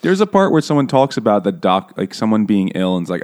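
Low-voiced man joking in casual chat. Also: sing-song, fast talker, darkish tone. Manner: rambling, joking, profane. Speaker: podcast co-host.

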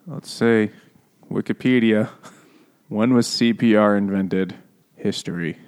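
A man's voice: lowish voice, slow. A man co-hosting a casual book-club podcast over beer, retelling a plot with swearing and jokes. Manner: profane, joking, lively retelling of a plot. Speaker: podcast co-host.

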